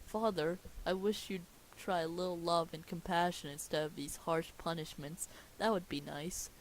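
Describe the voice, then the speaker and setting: A woman reading the lines of a gentle young mermaid princess in a soft, pleading way. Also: on the low side, fairly even intonation, moderate pace, slight background noise, lightly acted, poor audio.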